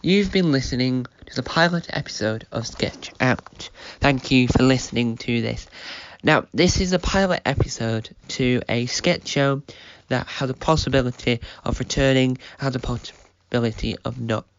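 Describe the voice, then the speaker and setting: A man's voice: medium pitch, moderate pace, highs cut off, slight background noise. A man giving rambling, hesitant closing remarks as host of a sketch show.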